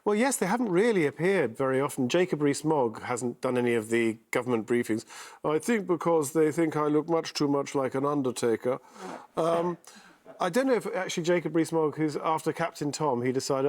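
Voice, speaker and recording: A man's voice: a little high, brisk, a little mellow. A man appearing as an impressionist guest, chatting playfully and digressing. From England. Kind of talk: chatty studio talk.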